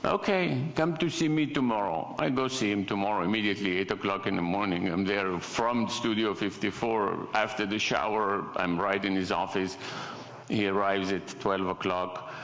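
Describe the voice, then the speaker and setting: A man's voice: sits low, fairly even intonation, normal speed, fairly bright tone. An older man in his seventies with an Italian accent, telling wry, self-mocking stories during a guest lecture. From Italy. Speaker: designer giving a guest lecture. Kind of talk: anecdotal lecture storytelling. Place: lecture hall. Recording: echoey hall, dull lo-fi sound.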